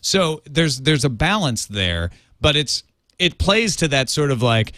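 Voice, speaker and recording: Dude cohosting a show, wry jokey chat, dry close mic. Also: male voice, on the high side, big pitch swings, measured pace, sharp tone, no echo. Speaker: podcast co-host. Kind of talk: casual chat.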